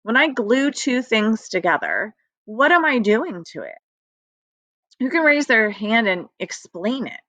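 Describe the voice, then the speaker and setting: A woman's voice: a little high, sing-song, unhurried, fairly bright tone, dry recording, highs cut off. A woman teacher giving a recorded phonics lesson to young children, upbeat and sing-song.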